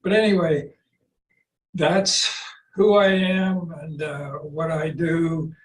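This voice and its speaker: A man in his eighties telling stories casually as a qigong teacher, rambling and halting, with restarts and chuckles, heard over a video call. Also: a little high, little pitch movement. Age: 80s. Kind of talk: casual storytelling. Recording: roomy, distant video-call audio with faint noise.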